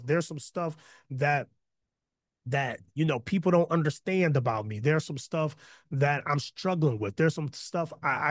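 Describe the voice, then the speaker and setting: A man preaching in a casual, energetic style to an online chat, breaking off into slangy asides and building to emphatic repetition. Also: on the high side, no room sound, clean studio sound. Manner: conversational slang, self-interrupting asides. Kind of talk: online sermon with chat interaction. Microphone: close mic, video call.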